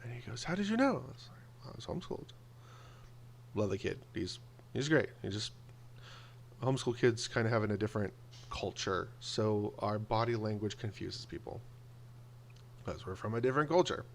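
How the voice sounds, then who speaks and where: Gravelly man telling casual stories. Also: on the low side, moderate pace, long pauses, a little hiss or hum. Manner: animated, acts out quoted voices. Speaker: video blogger. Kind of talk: casual storytelling monologue.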